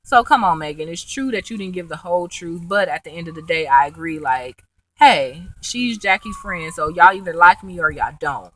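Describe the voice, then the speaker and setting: A young woman casually recapping a reality show episode, animated and gossipy, with quick asides. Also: fairly low pitch, rough recording. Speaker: vlogger reviewing a reality show.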